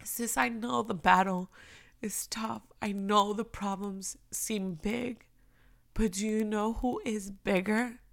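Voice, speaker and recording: A young woman giving a heartfelt, emotional faith talk, speaking earnestly and moving between near-whispers and loud emphasis. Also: mid-range voice, steady tone, takes it slowly, vocal fry.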